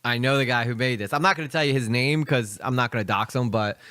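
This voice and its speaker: A man's voice: medium pitch, fast talker, bright, forceful tone, no room sound, clean studio sound. A young man from Philadelphia with a light Philly accent, rambling casually through live reaction commentary. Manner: rambling, chatty, many fillers and asides. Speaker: streamer reacting to videos.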